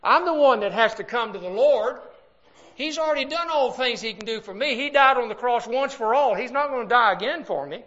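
A man's voice: very high-pitched, expressive, fairly bright tone, muffled recording. An older man preaching a sermon, swelling in volume and drawing out key words. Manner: emphatic preaching with swells in volume and slowed stresses.

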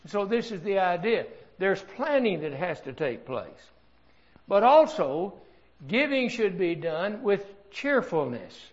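A man's voice: high voice, very animated, takes it slowly, lo-fi sound. An older man preaching an earnest, conversational sermon, asking the congregation rhetorical questions.

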